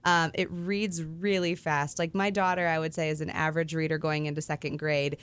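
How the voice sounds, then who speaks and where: A woman's voice: low voice, level tone, fairly quick, fairly bright tone, clean tone. A woman, co-hosting a radio show in casual chat, laughing often and trailing off mid-thought. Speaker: radio co-host.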